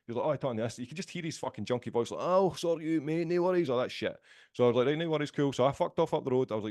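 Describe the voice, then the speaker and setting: A man's voice: mid-range voice, darkish tone, no echo, studio quality. A man with a Scottish accent telling rambling, profanity-filled stories in a casual podcast chat. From Scotland. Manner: rapid, profane, rambling anecdotes.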